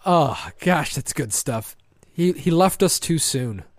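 A man's voice: fairly high pitch, lively intonation, takes it slowly, no room sound. Podcast co-host, male, a bit lispy, rambling and self-mocking, dry studio mic. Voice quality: slightly lispy. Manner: rambling, self-deprecating, frequent restarts. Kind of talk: casual comedic chat.

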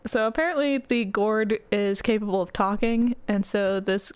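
A woman's voice: medium pitch, moderate pace, clean tone, no echo. A woman hosting a casual comedic podcast, retelling a folktale and laughing often. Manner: summarizing a story, laughs often.

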